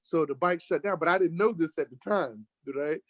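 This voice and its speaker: Speaking at a moderate pace in a slightly high voice, this American guest on an online talk show recounts a road trip in casual conversation. There's no room sound. He tells it with animation, his voice climbing sharply as he gets worked up acting out the arguments.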